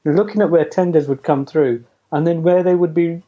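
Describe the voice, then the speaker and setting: This middle-aged interview guest spins a casual story, chatty and self-mocking with frequent laughter. The voice is higher-pitched for a man, mellow and dark, steady in tone at normal speed; the recording sounds dull and lo-fi.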